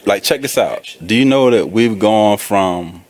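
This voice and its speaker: Very low-voiced male guest, halting starts, then fast emphatic points. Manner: hesitant restarts, then rapid emphatic explaining. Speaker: radio show guest. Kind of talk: casual radio chat.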